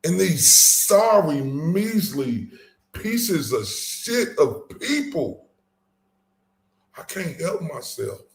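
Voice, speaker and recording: A man's voice: a little high, very animated, very slow, gravelly, roomy sound. A man hosting his own channel, giving heated, profane commentary with angry emphasis and frequent stumbling restarts.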